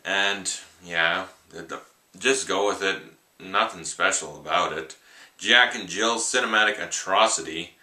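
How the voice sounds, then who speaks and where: A young man reviews a film in a casual, offhand, rambling way, packing his talk with "like"s. His voice is low and bright, with a forceful tone and an unhurried pace. The room he records in is echoey.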